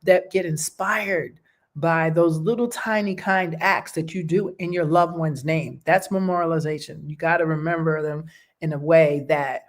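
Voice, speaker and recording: A woman's voice: low voice, steady tone, moderate pace. A woman hosting a show, talking in a casual, heartfelt way and often checking in with "okay?" and "you know". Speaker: host.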